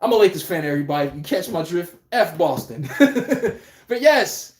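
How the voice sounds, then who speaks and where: A man hosting a live sports talk stream, talking in a casual, animated, slangy way and reading out chat comments. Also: on the high side, moderate pace. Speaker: host. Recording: roomy echo.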